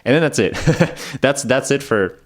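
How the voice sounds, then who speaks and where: A man's voice: mid-range voice, expressive, unhurried. A man hosting an English-learning podcast, talking in a casual, rambling way with lots of fillers and laughing at himself. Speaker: podcast host teaching English. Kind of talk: casual spoken lesson. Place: lives in Japan.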